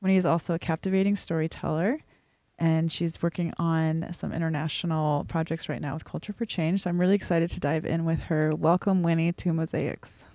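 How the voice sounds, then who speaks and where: A woman's voice: low voice, level tone, a little fast, mellow, no room sound. Woman hosting an interview podcast. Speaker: podcast host. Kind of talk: scripted podcast intro and interview.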